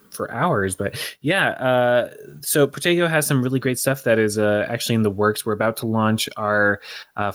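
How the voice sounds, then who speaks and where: A man's voice: lowish voice, no room sound, studio quality. A man co-hosting a podcast, talking earnestly in casual chat with frequent restarts. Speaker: podcast co-host and charity organizer.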